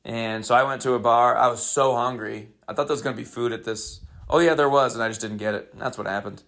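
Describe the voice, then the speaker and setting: A man with a gravelly, mid-range voice tells a loose, rambling story on his comedy podcast. His delivery is deadpan, with crude jokes. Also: medium pitch, fast talker. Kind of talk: casual storytelling monologue.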